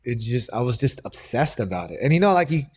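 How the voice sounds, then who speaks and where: A man's voice: mid-range voice, very animated, fast, a little mellow, slightly rough. Casual-talking young man, rambling. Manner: rambling, many fillers and restarts. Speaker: guest, grappling coach and personal trainer. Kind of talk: casual conversational storytelling.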